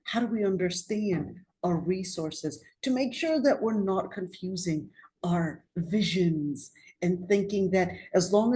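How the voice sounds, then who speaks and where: A woman's voice: medium pitch, a little mellow, slight background noise. A woman giving a religious studies lesson, talking conversationally and putting questions to her class. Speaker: Islamic studies lecturer. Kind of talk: classroom lecture.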